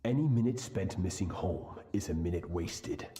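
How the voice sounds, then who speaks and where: An actor playing a stern, cruel male sword master in a video game cutscene, speaking in a cold, measured, commanding way. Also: deep voice, lively intonation, reverberant, a crowd in the background. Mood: harsh.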